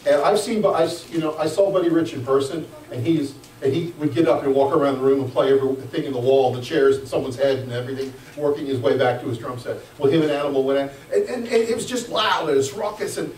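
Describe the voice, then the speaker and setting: Joking pastor in an echoey church. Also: male voice, medium pitch, fast, few pauses. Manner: lively, joking, swings between hushed asides and loud bursts. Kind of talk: sermon. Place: church sanctuary. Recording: echoey church room, mic at a distance.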